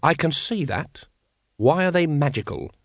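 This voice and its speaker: Brief: blustering, pompous cult leader, pitched high and sharp when irritated, as a male narrator plays him. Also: expressive, a little slow, dry recording, studio quality. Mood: exasperated. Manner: blustering, impatient, sarcastic.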